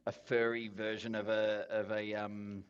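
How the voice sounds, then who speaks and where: A man's voice: lowish voice, completely flat delivery, clean tone, dull audio. Rambling man narrating as game master. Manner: rambling, halting, with fillers and laughs.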